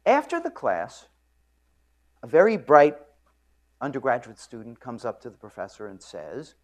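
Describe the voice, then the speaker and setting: Guy lecturing physics, lively up-and-down voice, keeps clearing his throat, tells it like a story. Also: mid-range voice, normal speed. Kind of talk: university lecture. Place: lecture room.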